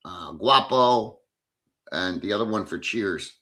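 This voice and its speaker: A man hosting a casual livestream, telling stories in an animated way, reading chat comments aloud and swearing freely. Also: sits low, slow. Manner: animated storyteller who reads chat aloud. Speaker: livestream host. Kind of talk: casual live-stream chat.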